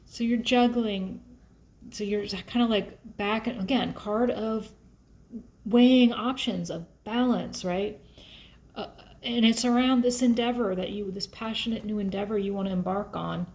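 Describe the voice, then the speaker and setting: Chatty tarot reader woman, gravelly edge. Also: medium pitch, steady tone, a little slow, a little mellow. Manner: emotional, chatty, thinks aloud while pulling cards. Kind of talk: casual tarot reading to camera.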